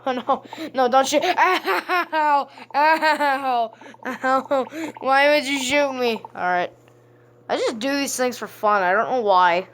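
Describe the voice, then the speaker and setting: A young woman playing a game and chatting casually to her viewers, playful, sometimes singing with deliberate voice cracks. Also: fairly high pitch, a bit bright. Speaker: gaming vlogger. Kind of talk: casual gaming commentary.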